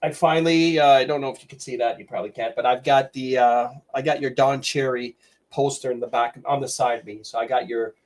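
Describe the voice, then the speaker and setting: A man's voice: medium pitch, steady tone, fairly quick, a little mellow. A man from Canada hosting a casual livestream, rambling with lots of fillers as he greets viewers by name. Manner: rambling, filler-heavy, reads viewer names off a list. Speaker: livestream host.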